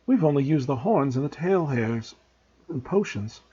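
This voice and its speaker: Brief: a man reading a curious schoolboy wizard, raised and earnest, husky lo-fi. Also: a little high, animated, normal speed, warm tone. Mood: puzzled. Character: startled young schoolboy wizard.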